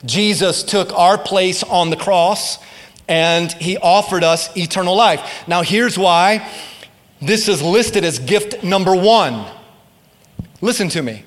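A man's voice: sits high, slow pace. A man preaching a sermon as pastor, calling out to the congregation for responses and rising to emphatic bursts. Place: church sanctuary. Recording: reverberant church hall.

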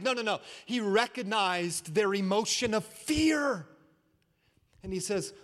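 A male pastor preaching a sermon with dramatic swings from shouts to hushed asides and repetitive, rhythmic phrasing. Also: high-pitched, takes it slowly, in a large hall.

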